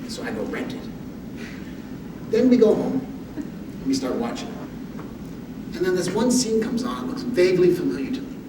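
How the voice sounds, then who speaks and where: A man giving a motivational talk, telling humorous personal stories with an animated, self-deprecating delivery. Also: high-pitched, normal speed, long pauses. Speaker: motivational speaker. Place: university lecture hall. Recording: echoey hall audio from far off with background noise.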